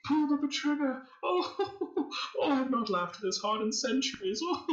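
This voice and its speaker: A man's voice: mid-range voice, expressive, normal speed, a bit bright, dull audio, pitched above the performer's own voice. A man voicing a cruel centuries-old aristocrat who cackles theatrically at others' pain. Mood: cackling. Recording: echoey room.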